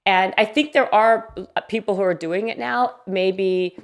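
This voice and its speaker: A woman hosting a podcast, asking questions eagerly and often chiming in with quick agreement. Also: medium pitch. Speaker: podcast host. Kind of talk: interviewing, casual chat.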